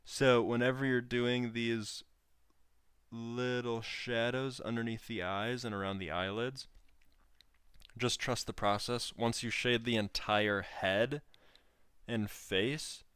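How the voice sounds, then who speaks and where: A man's voice: mid-range voice, steady tone, slow pace, fairly bright tone, clear, resonant tone, dry recording. A young man casually talking viewers through his drawing on a livestream, easygoing and chatty as he works. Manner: easygoing, chats with viewers while working. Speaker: streamer teaching drawing. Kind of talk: laid-back livestream drawing commentary.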